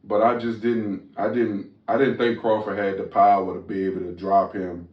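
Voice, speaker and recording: A man hosts a podcast in a relaxed, chatty way, stumbling through fillers and restarts. His voice sits very low. The recording is roomy and dull, as if he is some distance from the microphone. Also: normal speed. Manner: loose and conversational with frequent fillers and restarts. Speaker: podcast host. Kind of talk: casual chat.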